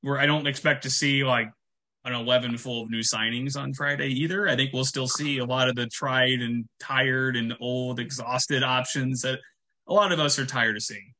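Dude with a bright, forceful voice running a football podcast chat. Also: male voice, mid-range voice, fairly even intonation, normal speed. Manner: opinionated, wraps up segments. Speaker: podcast host. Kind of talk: casual sports chat.

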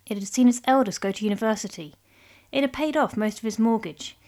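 A woman narrating a comic story in a measured, lightly humorous way. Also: a little high, darkish tone. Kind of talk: scripted narration.

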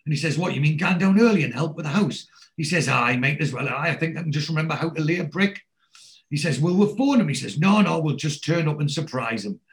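A man's voice: on the high side, fast talker, poor audio. A man in casual chat, retelling a TV episode, swearing freely and acting out the characters' lines. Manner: animated storyteller, swears freely, acts out quoted lines.

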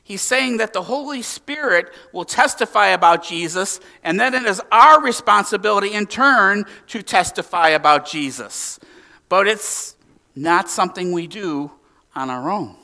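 A man preaching a sermon as pastor, swinging from emphatic, raised exclamations to quiet, hushed lines. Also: high voice, measured pace. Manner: animated preaching with emphatic rises and hushed drops.

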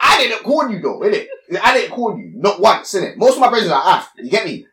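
A young man, co-hosting a podcast and telling stories in animated slang. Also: sits high, fairly quick. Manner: animated slang-heavy storytelling, repeats "exactly". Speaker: podcast co-host. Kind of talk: casual chat. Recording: echoey room, voice a bit off-mic.

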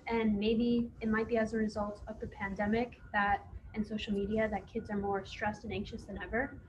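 A woman's voice: medium pitch, little pitch movement, normal speed, muffled recording, slight background noise. Young woman interviewer with casual questions. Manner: casual, with frequent "like". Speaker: student interviewer.

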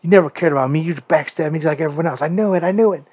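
A man's voice: a little high, rapid-fire, gravelly, a little mellow, husky, dry recording, pitched above the performer's own voice. A man voicing a bitter, self-pitying male wrestler who whines and accuses, in a raised voice on a podcast. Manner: pleading, accusing, whining.

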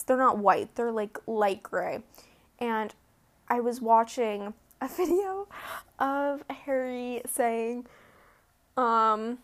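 Teen girl, podcast host, casual chat, rambling, giggly, sleepy, slightly high voice. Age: teens. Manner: chatty, rambling, giggly, says "like" and "um" often. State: sleepy, yawning.

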